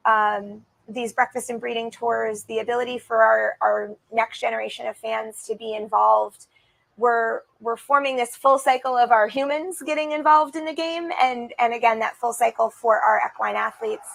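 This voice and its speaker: A woman's voice: a little high, fairly even intonation, moderate pace, gravelly, fairly bright tone, poor audio. A woman in her thirties, a guest on a racing show, talking with heartfelt enthusiasm and frequent restarts. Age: 30s. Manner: gushing, heartfelt, with many restarts. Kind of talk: enthusiastic interview talk. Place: racetrack broadcast set.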